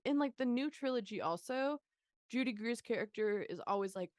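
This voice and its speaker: Chatty young woman, high and dry. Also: lively intonation, moderate pace, darkish tone, no room sound. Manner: chatty, sarcastic, swears often, laughs a lot. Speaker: podcast co-host. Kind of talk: casual movie review chat.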